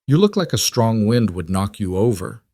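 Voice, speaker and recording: A man voicing a huge, gentle cowboy who is frightened for the woman he loves, speaking roughly and from the heart, in a storybook reading. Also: on the low side, sing-song, moderate pace, no echo, studio quality. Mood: heartfelt.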